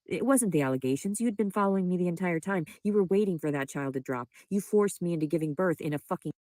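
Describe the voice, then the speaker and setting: A woman's voice: lowish voice, lively intonation, fast, a little mellow, no echo. A woman in a played clip, ranting in fury with constant profanity and demands. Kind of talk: angry profane rant.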